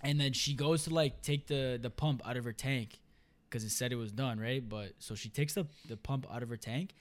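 A young man, a podcast guest telling a profane, animated story and quoting friends in put-on voices. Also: medium pitch, normal speed. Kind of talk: casual storytelling chat.

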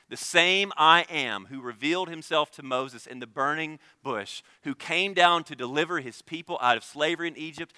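Young male pastor, bright and forceful tone, dry sound; earnest sermon delivery with hushed dips. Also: fairly high pitch, normal speed, clean tone, no echo. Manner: earnest preaching, shifts between loud emphasis and hushed tones.

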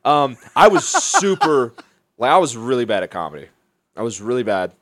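Here the podcast guest, a young stand-up comic, speaks at medium pitch with big swings, normal speed and a slightly bright tone. He swears, laughs and restarts often while rambling through stories in casual conversation, captured cleanly on a studio mic without echo.

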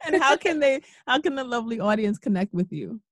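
A woman's voice: on the high side, expressive, a little fast, dry recording, clean studio sound. A woman with a New York accent hosts a podcast, talking in an effusive, admiring way and laughing often. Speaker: podcast host. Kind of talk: conversational interview.

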